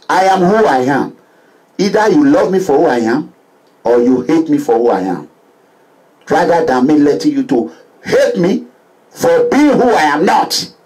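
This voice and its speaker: Impassioned Nigerian man with a lively pitch. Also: poor audio. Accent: Nigerian English with Pidgin. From Nigeria, Edo State. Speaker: political activist vlogger. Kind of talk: impassioned political monologue.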